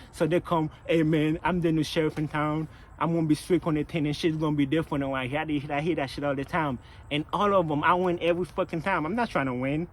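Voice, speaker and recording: A package handler vents about work in a casual vlog, telling animated stories packed with swearing and repeated phrases. His voice is on the high side, and the audio is poor with slight background noise.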